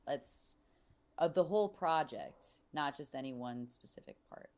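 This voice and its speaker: A woman music producer gives a casual studio tutorial on how she mixes a vocal, chatty and full of fillers as she calls out numbers. Her voice is low-pitched, expressive and a little mellow, at a measured pace.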